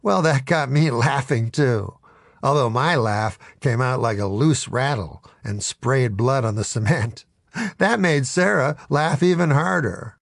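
Gravelly man narrating a deadpan comic tale. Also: medium pitch, a little slow, dry recording, clean studio sound. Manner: deadpan, mock-dramatic delivery. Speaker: storyteller. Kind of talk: comic first-person storytelling narration.

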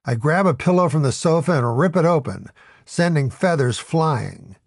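A man's voice: on the high side, animated, normal speed, gravelly, dry recording, studio quality. A man narrating a first-person audiobook story in a wry, storytelling manner.

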